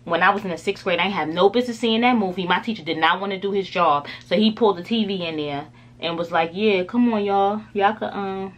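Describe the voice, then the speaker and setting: A woman's voice: on the low side, fast, a bit bright. A woman beauty vlogger chatting casually through a makeup tutorial, rambling with lots of filler words.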